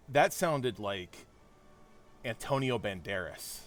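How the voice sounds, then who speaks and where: Talking to his chat during a live gaming stream, a man keeps things casual and self-deprecating. He speaks in an animated, medium-pitched voice at a moderate pace.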